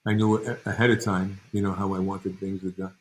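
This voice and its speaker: As a guest in a relaxed interview, an older actor and director from New York rambles through long anecdotes, performing the other people in them. His voice sits low and level at a fairly quick pace, with slight background noise on a low-quality recording.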